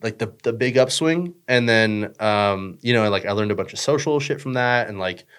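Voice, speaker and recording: A man's voice: on the low side, normal speed, fairly bright tone, smooth. A young man chatting casually as a podcast guest, rambling with lots of fillers, swearing and joking. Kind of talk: casual chat.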